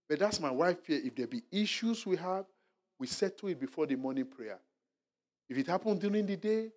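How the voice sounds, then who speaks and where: A male pastor leading a Bible study sermon, animated and exhorting, repeating his points and dropping to a hushed murmur for soft asides. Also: high voice. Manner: animated preaching, drops to a hushed murmur when acting out apologies; repetitive, exhorting. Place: church hall.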